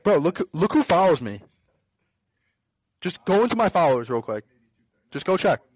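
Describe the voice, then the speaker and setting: A man's voice: on the high side, very animated, normal speed, slightly rough, no room sound. A man from the US East Coast calling in to troll a live show, drawling and saying bro constantly. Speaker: caller. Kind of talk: trolling call-in chat.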